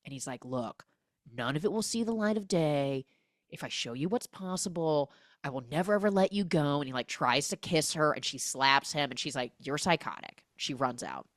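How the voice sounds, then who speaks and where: Young adult woman, podcast host, comedic film recap; lowish, very lively voice, dry close recording. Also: no echo. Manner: animated, acts out characters' lines in quick exaggerated voices.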